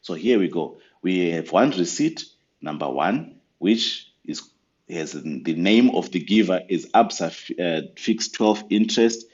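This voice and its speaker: A man patiently walking through church finance software step by step, with frequent fillers, in a screen-recorded tutorial. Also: deep voice, lively intonation, a little slow, highs cut off.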